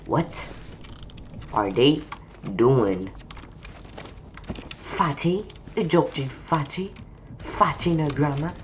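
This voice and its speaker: A woman playing an online shooter game, chatting casually with slow, mumbly, sarcastic banter. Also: low-pitched, very animated, slight background noise. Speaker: gamer streamer. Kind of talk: casual gaming commentary. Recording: keyboard typing and mouse clicks behind.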